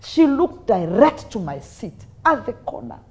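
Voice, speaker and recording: A woman with a Kenyan accent, a guest sharing her faith testimony in an interview as a dramatic, lively storyteller. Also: on the high side, unhurried. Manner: dramatic, lively storyteller who mixes in Swahili phrases.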